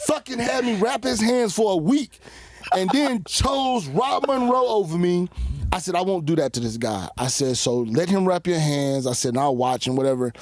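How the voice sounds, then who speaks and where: A man's voice: high voice, lively intonation, unhurried, dry recording. Profane, laughing storyteller man. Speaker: guest cutman. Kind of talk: casual podcast storytelling.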